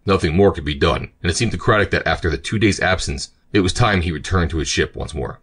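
A man narrating an audiobook in a deep, low register. His voice has a husky grain, and he reads in a steady, measured way, sentence by sentence. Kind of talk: scripted narration.

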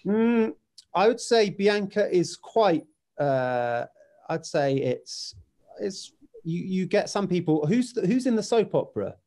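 A man hosts a relaxed interview, picking his words with hesitation. His voice is warm and dark in tone. Sentences often trail off quietly. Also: high-pitched, takes it slowly. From United Kingdom. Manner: hesitant, thoughtful, trails off softly. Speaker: podcast host. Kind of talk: casual interview chat.

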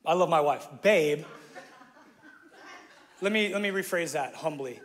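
A man's voice: fairly high pitch, a little slow, fairly bright tone. A male pastor preaching a sermon in a casual, slangy way, acting out the people in his story and laughing often. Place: church auditorium. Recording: live hall with long reverb.

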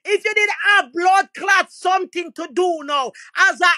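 Jamaican woman yelling insults in a rant, high sharp voice, dry sound. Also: moderate pace, no echo. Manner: loud, aggressive, profane ranting with mocking insults. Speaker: social media personality. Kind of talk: angry diss rant to camera.

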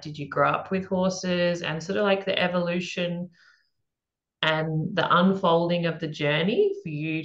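A woman hosting a podcast in casual interview chat, bubbly and chatty, laughing often and rambling with fillers. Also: low-pitched. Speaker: podcast host. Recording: echoey room, dull lo-fi sound.

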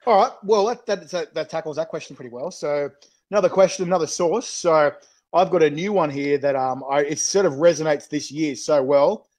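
Australian male host, a bit high-pitched, laughs easily, slangy banter. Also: brisk, a little mellow. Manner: jokey, laughs often, slangy. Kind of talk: live-streamed chat while eating chillies.

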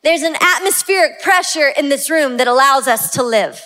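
Female pastor, 30s, Southern US, fervent sermon delivery, bright high pitch. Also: animated, moderate pace. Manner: impassioned, rising to shouts on key lines. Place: large church sanctuary. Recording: long hall reverb.

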